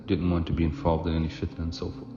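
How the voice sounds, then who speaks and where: A man preaches and retells a story in a relaxed, conversational way, with fillers and restarts. The recording is dull and lo-fi, echoing in a large hall with clear music behind him. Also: low-pitched, fast. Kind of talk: sermon storytelling.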